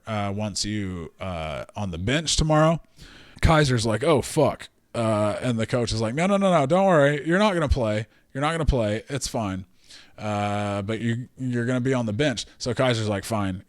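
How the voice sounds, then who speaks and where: A man's voice: medium pitch, no echo, studio quality. A man hosting a podcast, telling a story casually with lots of fillers and swearing. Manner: profane, animated storyteller with many fillers. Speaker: podcast host.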